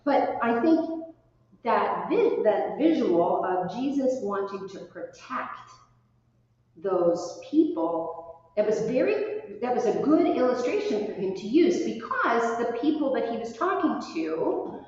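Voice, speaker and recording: A woman leading a children's chapel, explaining a scripture passage simply and gently to kids. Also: fairly high pitch, sing-song, slow. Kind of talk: children's sermon chat. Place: church. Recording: roomy church hall, distant mic, dull sound.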